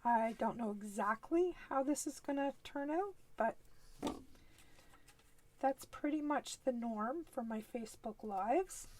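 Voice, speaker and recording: A woman with a Canadian East Coast accent hosting a live crafting demonstration, chatty and easygoing as she works through each step. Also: a little high. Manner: chatty, easygoing, talks while working, frequent little laughs.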